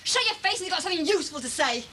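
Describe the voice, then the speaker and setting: A devout middle-aged mother, sharp and easily offended. Her voice is high-pitched and moves a great deal. It is a scene from a TV soap opera. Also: expressive, racing, heavy background noise. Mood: indignant.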